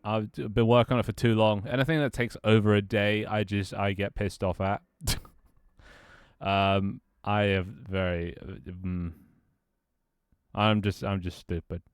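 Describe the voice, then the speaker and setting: A man on a live stream, grumbling and swearing between easy laughs. His voice sits low and comes through smooth and resonant, recorded dry and close on a desk mic in a small room at home. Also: flat delivery, measured pace, no room sound. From United Kingdom. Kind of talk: casual live-stream chat.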